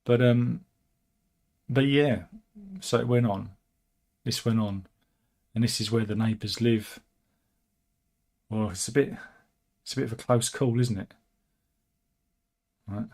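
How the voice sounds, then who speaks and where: A man's voice: medium pitch, steady tone, slow, pauses often, darkish tone. A man hosting a casual, satirical news commentary, wry and chatty with frequent asides. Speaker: host.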